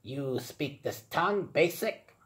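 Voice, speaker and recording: A man voicing a gruff, stern male Ewok war chief with a raspy voice and clipped, broken speech. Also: on the high side, expressive, takes it slowly, fairly bright tone, a little hiss or hum, voice pushed up. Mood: wary.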